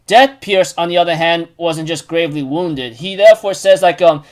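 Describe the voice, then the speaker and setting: A man's voice: on the high side, normal speed. A man casually recapping a manga chapter, rambling with many fillers and restarts.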